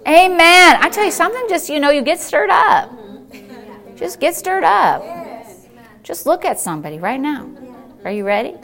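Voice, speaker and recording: A woman's voice: high-pitched, big pitch swings, normal speed, pauses often, fairly bright tone. A woman pastor preaching a fervent sermon and calling out to her congregation. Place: church service.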